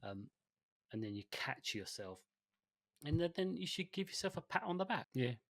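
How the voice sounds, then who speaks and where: A man's voice: on the high side, sing-song, moderate pace, a bit bright, dry recording, studio quality. A man co-hosting a podcast in casual chat, rambling and hesitant, with frequent restarts and fillers. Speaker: podcast co-host.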